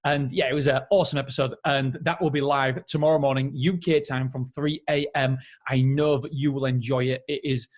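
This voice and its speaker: A man's voice: mid-range voice, little pitch movement, a little fast, hardly any pauses. A man hosting a solo motivational podcast, talking earnestly to his listeners as friends. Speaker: podcast host.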